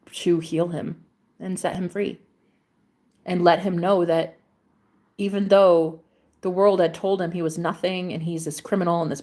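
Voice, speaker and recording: A woman's voice: fairly low pitch, a little mellow. A young woman talks straight to her livestream viewers in a casual, confessional way. She is blunt and swears freely, and her voice gets emotional as she speaks. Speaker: livestream host.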